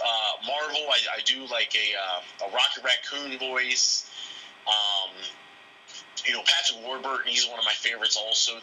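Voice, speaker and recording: A voice actor in his thirties from Pennsylvania chats casually as a guest in an interview, rambling with many fillers and restarts. His medium-pitched voice has a sharp tone, and the rough recording carries a little hiss or hum.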